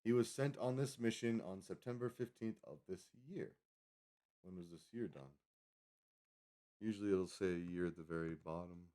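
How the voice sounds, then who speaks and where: A man from Colorado livestreams, rambling casually while reading a web page aloud and stumbling over foreign names. His voice sits low and sounds warm, at a normal speed.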